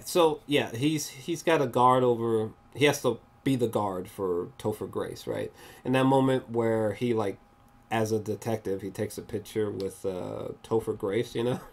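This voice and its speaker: A movie reviewer talking through a casual spoiler review vlog, animated and excitable, rambling with many restarts and swearing often. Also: medium pitch. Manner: rambling, with frequent restarts and fillers.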